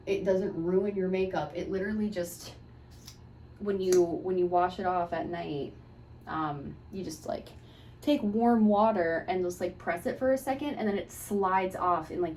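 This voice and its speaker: A woman's voice: mid-range voice, a little mellow, recorded from a distance. A woman hosting her podcast while doing her makeup, talking in a casual, rambling way with wry asides. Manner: chatty, offhand, wry asides. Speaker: podcast host. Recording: echoey room, voice away from mic, faint hiss.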